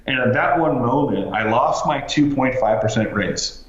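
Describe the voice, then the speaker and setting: A man telling his story as a podcast guest, animated, with lots of fillers and restarts. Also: medium pitch, normal speed. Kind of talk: casual storytelling interview. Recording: roomy, slightly dull sound.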